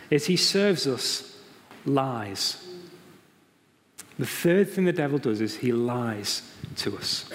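Emphatic preacher in reverberant hall. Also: male voice, mid-range voice. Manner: emphatic, repeats key phrases, slows down for stress. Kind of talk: sermon. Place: church.

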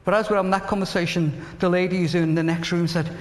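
A man preaching a sermon, earnest and emphatic, telling stories and dropping to a hush at tender moments. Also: high voice, steady tone, quick pace. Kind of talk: sermon with storytelling. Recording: reverberant hall.

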